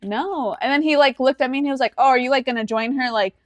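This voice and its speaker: A young woman in her twenties talks through a story on a casual podcast, her voice sitting a touch high. She acts out every quoted line and keeps the talk loose and full of fillers. The sound is close and dry. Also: steady tone, racing, no echo. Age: 20s. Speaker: podcast co-host. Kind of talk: casual chat.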